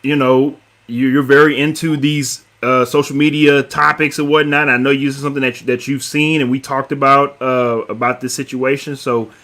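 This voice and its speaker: A man's voice: mid-range voice, level tone, moderate pace, hardly any pauses, a bit bright. A man hosting a casual talk show, steering the talk and handing topics to guests. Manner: steers conversation, introduces guests. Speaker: show host.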